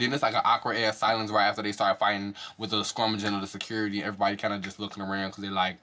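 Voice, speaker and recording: A man giving a casual, profane, animated review of a reality show to his viewers. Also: lowish voice, very fast, few pauses, slight background noise. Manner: profane, animated, exaggerated reactions.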